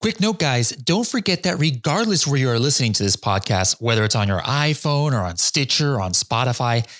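A man's voice: medium pitch, very animated, fairly quick, fairly bright tone, no echo. A man hosting a podcast interview, upbeat, chatty and playful with his guest. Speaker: podcast host. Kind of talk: casual interview.

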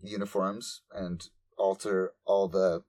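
A man's voice: low voice, little pitch movement, slow pace, darkish tone, no room sound. A man hosting a podcast, casually recapping a show with lots of fillers. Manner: casual, filler-heavy storytelling. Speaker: podcast host.

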